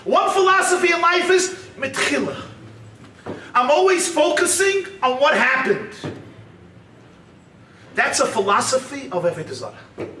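A man giving a humorous, animated sermon lecture as a rabbi, sprinkling Yiddish and Hebrew terms. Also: very high voice, measured pace, pauses often. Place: retreat lecture hall. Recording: echoey hall, distant mic, faint hiss.

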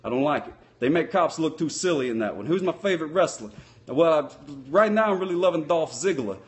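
Folksy, speeder-obsessed male sock-puppet cop, voiced by a man, pitched a bit high, rambling in a comic live-stream chat. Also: animated, a little fast, natural voice. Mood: chatty. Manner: folksy, rambling, loose grammar.

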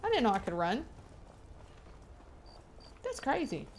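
A woman's voice: on the high side, huge pitch swings, measured pace, a little mellow, slight background noise. A young woman streaming a game, chatting playfully to herself and to the game characters. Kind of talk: casual gameplay commentary.

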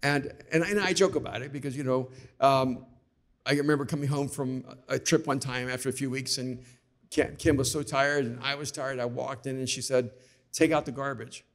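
A middle-aged man telling lively anecdotes as an author guest on a podcast taped live, acting out the people he quotes. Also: mid-range voice, moderate pace. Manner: animated anecdotes, acts out quoted voices. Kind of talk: conversational storytelling.

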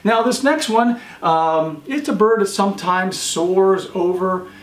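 A man hosting a children's show, quizzing young viewers and praising each answer warmly. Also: unhurried. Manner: encouraging, praises often, pitch jumps on answers. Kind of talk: quiz for children. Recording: echoey room.

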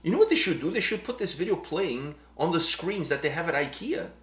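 A man with a fairly high voice co-hosts a casual reaction video. He talks in an animated way and often stumbles over his words and repeats them. The room around him sounds echoey. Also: brisk. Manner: animated, repeats and restarts phrases. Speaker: reaction channel co-host.

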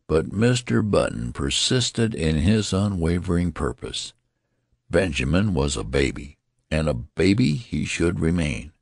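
Deep, gravelly male audiobook narrator. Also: no room sound, studio quality. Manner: slow, measured reading with lively dialogue voices.

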